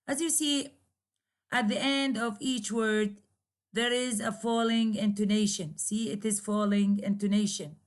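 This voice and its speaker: A woman lecturer whose first language is Arabic, explaining English grammar in a recorded lecture, with many hesitations and pauses. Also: a little high, a bit bright. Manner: slow, careful explaining with frequent hesitations. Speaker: university lecturer.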